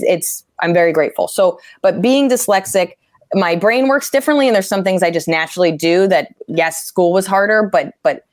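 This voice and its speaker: A woman comedian talking casually about writing jokes, animated and swearing freely as she acts out angry quotes. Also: fairly low pitch, no room sound, clean studio sound. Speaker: stand-up comedian. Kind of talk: casual interview talk.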